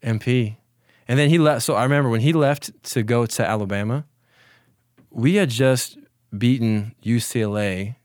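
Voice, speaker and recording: A man in his forties, a former college football player, telling stories in a relaxed, reflective way during an interview, with many restarts. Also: medium pitch, moderate pace, no echo, clean studio sound. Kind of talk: casual storytelling in an interview.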